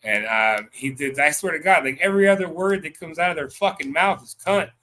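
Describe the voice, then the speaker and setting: A man from the United States hosting a casual livestream chat, excitable and rambling, swearing freely and using lots of fillers. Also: on the high side, a little fast. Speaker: host.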